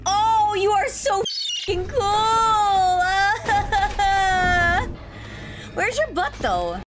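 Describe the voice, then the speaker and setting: Very high-voiced excitable woman streamer. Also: extremely slow. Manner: excitable, yelps and shouts, laughs often. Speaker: VTuber streamer. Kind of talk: horror game livestream.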